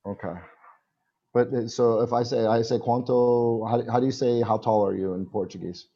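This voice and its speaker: A man in his forties teaching English in a relaxed one-on-one video call, repeating words patiently so the student can copy them. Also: mid-range voice, moderate pace, dull audio. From United States. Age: 40s. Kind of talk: casual one-on-one lesson.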